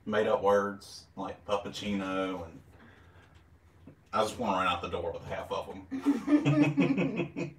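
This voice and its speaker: Man off-camera, dry teasing banter, lively pitch, distant and roomy. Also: slow, pauses often. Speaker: partner behind the camera. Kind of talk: casual joking banter. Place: indoor room at home. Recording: echoey room, off-mic, faint hiss.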